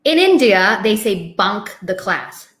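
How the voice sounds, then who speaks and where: Woman host, mid pitch, roomy echo, laughs a lot. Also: very animated, slow, a bit bright. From Thailand. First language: Thai. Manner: laughs often, hesitant restarts. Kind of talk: casual live chat. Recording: echoey room.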